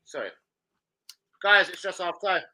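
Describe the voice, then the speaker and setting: A man ranting through a live football watch-along, cursing non-stop and jumping from mutters to shouts. His voice is bright and cutting, and it swings widely in pitch. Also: expressive, a little slow, a little hiss or hum. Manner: sweary, exasperated, bursts of shouting. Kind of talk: casual live football reaction.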